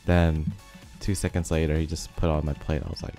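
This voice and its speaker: A young man giving relaxed, rambling commentary over a game, his voice a bit rough from being sick. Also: extremely low pitch, fairly quick. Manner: rambling, filler-heavy, laid-back. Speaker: gaming video host. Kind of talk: casual commentary over gameplay. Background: faint background music.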